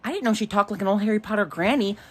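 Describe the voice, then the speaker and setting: A man hosting a casual solo monologue. He is campy and swears freely, and sometimes breaks into shrill mock voices. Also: racing, fairly bright tone. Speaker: podcast host.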